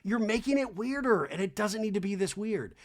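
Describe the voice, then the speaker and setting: A man's voice: high-pitched, lively intonation, fairly quick. A man hosting a comedy podcast, recapping a reality show in a wry, sarcastic, chatty way.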